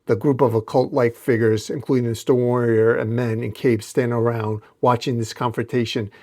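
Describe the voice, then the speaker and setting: A man hosting a comic book channel, narrating a dramatic comic recap in a steady storytelling manner. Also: medium pitch, moderate pace.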